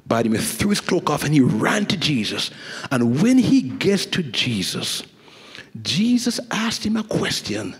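A middle-aged man preaching a sermon as a guest preacher, swinging from animated storytelling to hushed intensity. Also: mid-range voice, moderate pace, breathy edge. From Jamaica. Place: church sanctuary. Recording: echoey church hall.

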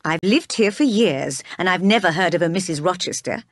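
A woman reading aloud as a solemn male priest who speaks gravely. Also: on the low side, lively intonation, brisk, dry recording, studio quality.

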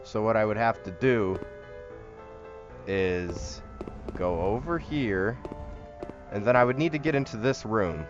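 A man's voice: on the low side, a little slow, pauses often, muffled recording, over music. A man giving casual, joking commentary while playing a horror game, rambling and chatting to the things on screen. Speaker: horror game let's-player.

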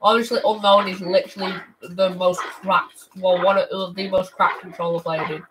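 A woman streaming a video game in casual, slangy commentary, excitable and exclaiming, at times shouting. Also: on the low side, normal speed. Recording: steady background noise with clicks.

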